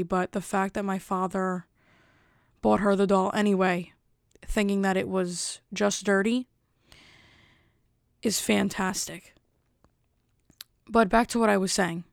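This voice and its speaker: A woman's voice: mid-range voice, fairly even intonation, slow pace, creaky, pauses often, dry recording, studio quality. A young woman vlogger chatting casually and rambling, often interrupting herself. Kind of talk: casual rambling chat to camera.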